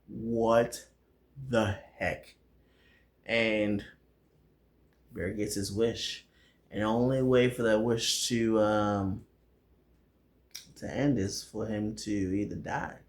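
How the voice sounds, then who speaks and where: Slow, rambling male movie reviewer. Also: on the low side, roomy sound. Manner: slangy, rambling, lots of fillers and acted quotes. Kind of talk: casual movie recap.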